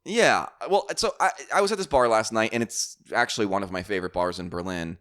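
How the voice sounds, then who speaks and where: Low-voiced man telling a rambling story. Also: fast, a bit bright. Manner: rambling storyteller, many fillers and restarts. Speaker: podcast host. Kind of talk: casual chat.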